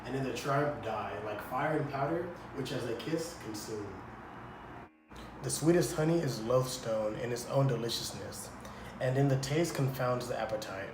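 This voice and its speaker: A man's voice: medium pitch, normal speed, reverberant, background noise, lightly acted. A man playing a friar who officiates a wedding and recites solemn verse. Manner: solemn recitation, then joking.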